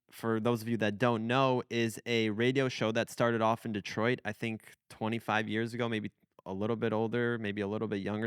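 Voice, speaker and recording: A young man in his twenties hosts a casual podcast conversation, rambling along with plenty of fillers and restarts. His voice is smooth and clear at a middle pitch. The sound is close and dry. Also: no room sound. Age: 20s. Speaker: podcast host.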